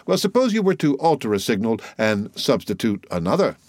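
A man's voice: mid-range voice, very animated, darkish tone, no echo. The Count of Monte Cristo, read by a man, cool and calculating. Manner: measured, cool, probing. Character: composed, calculating nobleman, a grown man of quiet authority. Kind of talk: audiobook character voicing.

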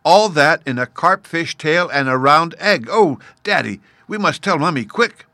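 A man reading a storybook and voicing an excitable little cave girl, eager and breathless as her excitement rises. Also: on the high side, unhurried, no echo, voice pushed up, exaggerated voice. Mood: excited.

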